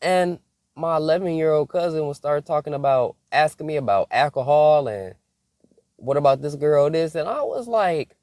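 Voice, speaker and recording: A young man from Michigan telling a casual story as a faith vlogger, animated, laughing often and breaking into mock-scolding asides. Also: a little high, moderate pace, dry recording, studio quality.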